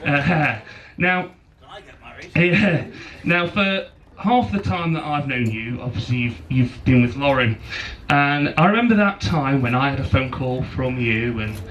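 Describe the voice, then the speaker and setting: A man's voice: mid-range voice, measured pace, a bit bright, low-quality recording. A young man giving a teasing best man speech into a handheld microphone at a wedding reception, joking and laughing between lines. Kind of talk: wedding speech with a rhyming poem. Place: wedding reception venue with guests. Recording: wedding video with crowd noise. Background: crowd of guests laughing.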